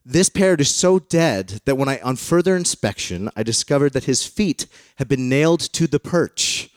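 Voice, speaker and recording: A man's voice: medium pitch, lively intonation, moderate pace, no echo, studio quality, voice pushed up, lightly acted. A man voicing an exasperated male customer complaining to a shopkeeper, insistent and incredulous.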